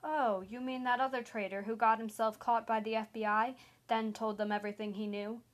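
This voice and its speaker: A woman's voice: on the high side, flat delivery, fairly quick, natural voice. A woman reading a story and voicing a smug, cruel male hitman who taunts his victim. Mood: taunting.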